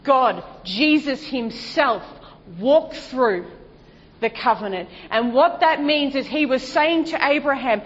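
Woman preaching in a reverberant hall. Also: takes it slowly. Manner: emphatic, rhetorical questions, shifts to hushed low delivery. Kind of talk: sermon. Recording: dull sound with long hall reverb.

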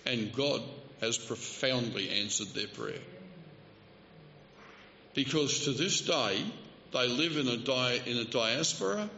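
A man's voice: mid-range voice, lively intonation, slow, gravelly, long pauses, bright, forceful tone, slight background noise. A male preacher delivering a sermon, telling the story vividly and acting out the quoted speech, with light asides. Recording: roomy hall, slightly dull sound.

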